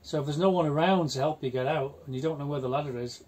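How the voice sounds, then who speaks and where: Chatty older man, slightly high voice. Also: fast, darkish tone. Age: 60s. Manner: storytelling, blunt and chatty. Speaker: houseboat vlogger. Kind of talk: casual chat.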